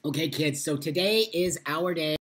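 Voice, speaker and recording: A man's voice: on the high side, moderate pace, fairly bright tone. Impassioned, foul-mouthed man hosting a live stream. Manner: impassioned, swears freely; reads viewer comments aloud. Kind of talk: casual live stream chat.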